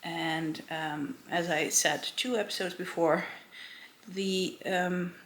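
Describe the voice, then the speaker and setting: A woman hosts her own podcast, chatting casually as she shows off her finished pieces. Her voice sits a little low and she takes her time, meandering through her thoughts with frequent ums and little self-corrections. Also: steady tone, takes it slowly, a bit bright. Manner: rambling, many filler ums, self-correcting. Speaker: knitting podcast host. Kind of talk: casual show-and-tell chat.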